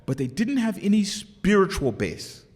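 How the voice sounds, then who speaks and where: A man's voice: sits high, very animated, normal speed, darkish tone, husky. A man giving a religious sermon, telling stories with passion and acting out the quoted speech. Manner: impassioned storytelling, acts out quoted speech. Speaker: sheikh giving a religious lecture. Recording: long hall reverb.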